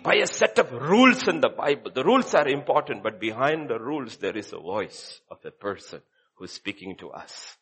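A man preaching a sermon as a pastor, repeating short phrases and swinging between hushed and loud delivery. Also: medium pitch, sing-song, brisk, breathy edge.

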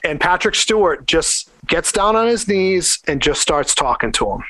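Animated man telling a rambling story. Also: fairly high pitch, normal speed, dry recording. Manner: rambling, animated, lots of "like" fillers. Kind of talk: casual anecdote.

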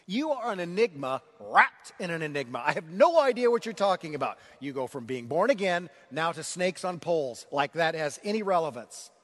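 A man's voice: a little high, sing-song, normal speed, hardly any pauses, a bit bright. A man doing a baffled, skeptical old teacher. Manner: incredulous, exasperated. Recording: long hall reverb.

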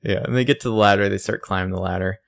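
Low gravelly man, casual podcast recap. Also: fairly even intonation, very fast. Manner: acts out characters' lines in brief put-on voices. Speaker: podcast co-host recapping a show. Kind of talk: casual chat.

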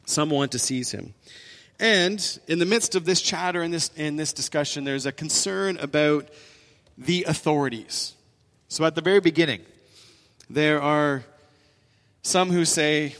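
A man's voice: on the high side, lively intonation, normal speed, fairly bright tone. Preaching man in a reverberant church hall. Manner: earnest, repetitive preaching with frequent restarts. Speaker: pastor. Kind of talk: sermon.

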